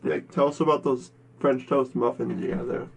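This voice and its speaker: A man's voice: medium pitch, fairly even intonation, normal speed, creaky, a little hiss or hum. Playful man co-hosting a podcast. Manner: laughs easily, playful. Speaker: podcast co-host. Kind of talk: casual chat.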